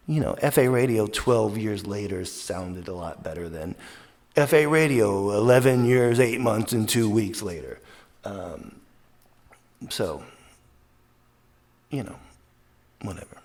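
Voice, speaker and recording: A man's voice: on the low side, gravelly, a little mellow. A man hosting a radio show, telling a long story in a casual, meandering monologue full of fillers.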